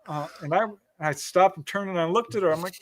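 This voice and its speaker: Animated, laughing male storyteller. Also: high voice, fairly quick. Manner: animated storyteller, acts out quoted voices, laughs often. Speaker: guest. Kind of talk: casual storytelling interview.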